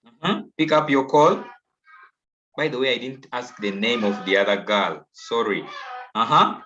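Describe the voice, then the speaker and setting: A man's voice: fairly low pitch, bright, forceful tone, a little hiss or hum. A man with a Ugandan English accent teaching an online class, coaxing pupils and repeating himself patiently. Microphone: video call. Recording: dull, lo-fi online call audio.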